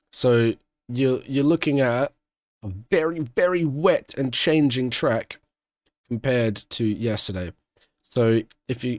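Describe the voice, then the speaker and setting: A man commenting live on a race for his stream, chatting loosely and answering viewers between moments of action. His voice sits at an ordinary middle pitch, and the recording is dry and close, with no room sound. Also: no echo. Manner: chatty, answers chat questions, breaks into excited shouting at big moments. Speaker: streamer hosting an F1 watch-along.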